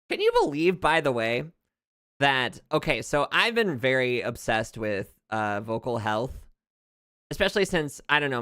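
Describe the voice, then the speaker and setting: A young man with a light Southern accent chats casually while streaming, wandering off on tangents and laughing between thoughts. His voice is bright and smooth. The sound is dry and close, with no room around it. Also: medium pitch, dry recording. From southern United States. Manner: rambling, drifts into tangents and laughs often. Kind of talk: casual chat while gaming.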